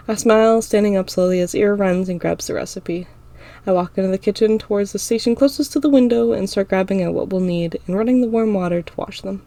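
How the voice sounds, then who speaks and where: A woman's voice: mid-range voice, mellow, dry recording. A woman reading a first-person story aloud as an audiobook in a casual, unpolished way. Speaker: audiobook narrator.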